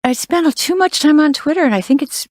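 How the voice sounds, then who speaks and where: A woman co-hosting a podcast in casual chat, quick-witted and joking, growing emphatic when indignant. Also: high voice, no room sound, studio quality. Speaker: podcast co-host. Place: recording studio.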